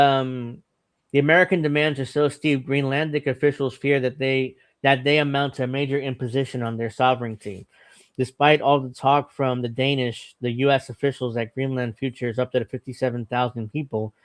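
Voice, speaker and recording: A man hosting a casual political podcast, reading articles aloud and stopping often for fillers and offhand comments. His voice sits at an ordinary middle pitch. The sound is dry and close, with no room around it. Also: no room sound. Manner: reads articles haltingly with fillers and asides. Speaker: podcast host.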